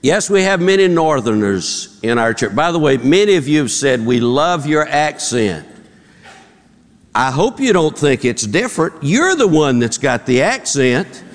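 A man with a Southern accent preaching a sermon, a folksy storyteller who jumps his pitch up high when acting out jokes. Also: big pitch swings, unhurried. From Charlotte, North Carolina area. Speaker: pastor. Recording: long hall reverb.

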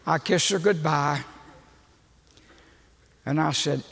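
An older man, preaching in a folksy, humorous storytelling way with a gravelly, husky voice. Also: sits high, very animated, a little slow, bright, forceful tone. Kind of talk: storytelling sermon. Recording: long hall reverb.

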